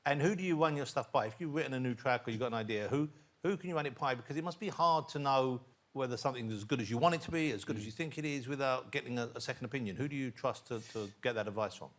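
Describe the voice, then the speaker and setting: A male talk show host who rattles through his questions at speed. His voice is bright and forward, and he keeps a teasing edge. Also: mid-range voice. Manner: teasing, quick-fire questions. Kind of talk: chat-show interviewing. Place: TV studio with an audience.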